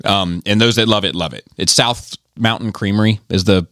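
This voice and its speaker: A man's voice: lowish voice, normal speed, a bit bright, no room sound, studio quality. A middle-aged man and podcast host in casual chat, telling a rambling, profane story.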